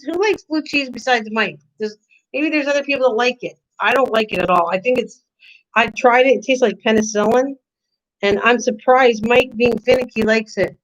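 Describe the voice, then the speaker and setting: A woman's voice: on the high side, normal speed, fairly bright tone, dull audio. An older woman hosting a casual live stream, chatting in a teasing way and answering her viewers' comments. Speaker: channel host.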